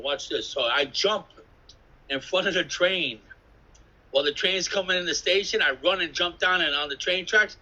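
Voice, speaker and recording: Husky, bright-voiced New man telling stories. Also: sits high, low-quality recording. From New York City. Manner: rambling, animated, acts out voices, swears. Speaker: interviewee, graffiti artist. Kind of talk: casual storytelling interview.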